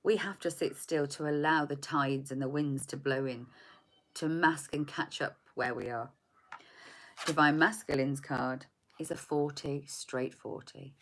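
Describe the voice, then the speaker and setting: A woman giving a spiritual tarot reading, soft and meandering, often repeating words as she searches for them. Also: deep voice. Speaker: tarot reader.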